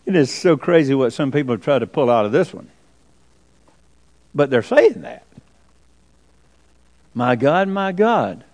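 A man preaching a sermon, firing rhetorical questions and swinging from forceful to hushed. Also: sits high. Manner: emphatic, rhetorical questions, sudden drops to quiet.

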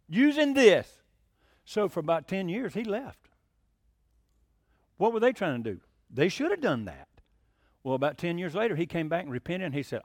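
A man's voice: high-pitched, sing-song, normal speed, gravelly, long pauses, no echo, studio quality. A man preaching a sermon, telling folksy stories and asking the congregation questions. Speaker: pastor.

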